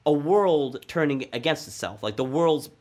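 A man in casual chat about a video game, talking in excitable, animated bursts that swing loud when something thrills him. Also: a little high, moderate pace.

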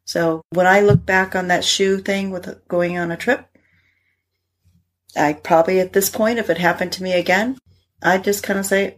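A middle-aged woman, a therapist and guest, telling family stories in a casual, animated way with frequent laughter. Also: on the low side, normal speed. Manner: animated storyteller, laughs often. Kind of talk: casual conversation.

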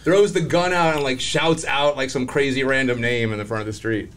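A man's voice: mid-range voice, steady tone, a little fast, a bit bright, a little hiss or hum. A man and criminologist guest, telling a story casually and animatedly, acting out voices and laughing often. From Southern California.

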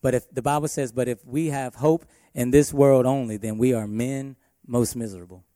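A man, a worship pastor, preaching a sermon in an emphatic way, his loudness rising and falling. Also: mid-range voice, fairly even intonation, moderate pace, no echo, clean studio sound.

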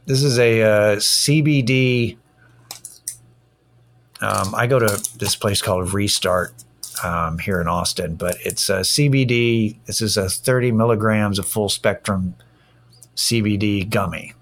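At a measured pace and with a voice on the low side, a middle-aged man rants irritably and profanely on his casual solo podcast, recorded in an Austin-area home.

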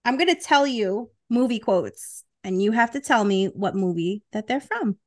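A woman's voice: medium pitch, animated, moderate pace. A woman co-hosting a podcast, quizzing a guest in casual, teasing chat and laughing often. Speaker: podcast co-host.

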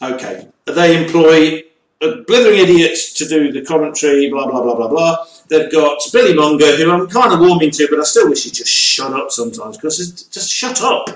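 A man from the East Midlands hosting a casual chat, blunt and prone to loud rants. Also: fairly high pitch, expressive, normal speed, reverberant, poor audio. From East Midlands, England. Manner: blunt, ranting, loud outbursts. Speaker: podcast host.

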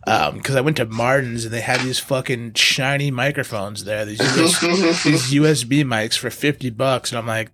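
A man's voice: mid-range voice, brisk, fairly bright tone. A man who does stand-up, telling rambling stories as a podcast guest, swearing and laughing often. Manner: rambling, profane storytelling with frequent laughs. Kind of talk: casual podcast chat.

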